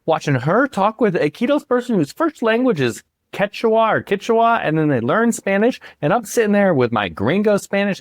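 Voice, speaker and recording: A man co-hosting a podcast in casual chat, animated and swearing, jumping high when excited. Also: no room sound, studio quality. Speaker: podcast co-host.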